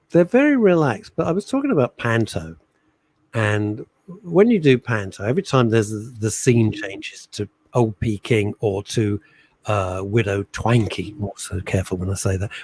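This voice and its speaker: A middle-aged man co-hosting a casual radio chat show, telling animated stories and breaking into little sung jingles. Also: medium pitch, husky, no echo, low-quality recording. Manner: animated storyteller, sings jingles and little musical stings. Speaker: radio co-host. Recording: radio studio.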